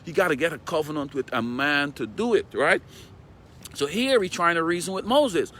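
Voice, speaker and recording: A man's voice: on the high side, animated, normal speed, fairly bright tone, a little hiss or hum. A man giving a casual morning Bible talk, retelling scripture in plain everyday words and often asking his listeners "right?". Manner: conversational, checks in with "right?". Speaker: preacher. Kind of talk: morning devotional Bible teaching.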